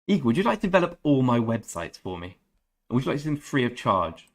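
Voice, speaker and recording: A man's voice: mid-range voice, very animated. A man streaming a game, chatting casually with viewers, reading out their messages and stumbling through German phrases. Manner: chatty, reads out and answers viewer chat, halting German attempts. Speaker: gaming streamer. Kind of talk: casual live-stream chat.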